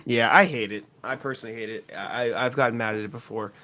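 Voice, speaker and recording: A man's voice: mid-range voice, steady tone, quick pace, pushed and bright. A young man co-hosting a podcast, reading listener email aloud with slips and self-corrections. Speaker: podcast co-host.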